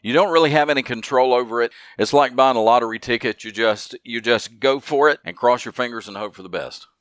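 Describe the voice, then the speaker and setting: A man's voice: medium pitch, brisk, a bit bright, clear, resonant tone, no room sound, studio quality. A man hosting a solo motivational podcast, talking earnestly and leaning hard on repeated key phrases. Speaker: podcast host.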